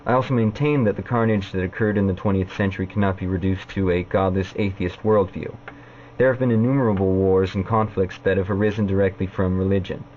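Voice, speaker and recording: Deep-voiced man in a lo-fi vlog. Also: fairly even intonation, darkish tone, a little hiss or hum. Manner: halting, with frequent "uh" fillers. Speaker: vlogger. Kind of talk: casual vlog rebuttal.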